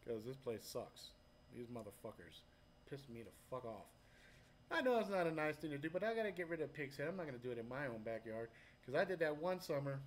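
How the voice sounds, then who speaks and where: A man from Hawaii hosting a live stream, telling stories and answering chat in loud, profane, animated talk. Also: mid-range voice, a little fast, a little hiss or hum. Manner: reads chat aloud and talks to viewers.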